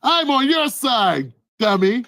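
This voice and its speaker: A man's voice: very high-pitched, sing-song, slow, pushed and bright, pitched above the performer's own voice, exaggerated voice. A man acting out a condescending male home invader who pretends to be a helper, in a mock-soothing tone. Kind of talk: acted-out skit in a commentary vlog.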